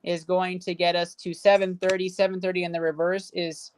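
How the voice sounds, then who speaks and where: A woman's voice: fairly low pitch, flat delivery, fairly quick, a little mellow, slight background noise. A woman hosting a live stream, casually chatting with viewers and rattling off running number totals as she opens packs. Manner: rattles off running card value totals aloud; cheers and banters with chat viewers. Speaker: livestream host opening card packs.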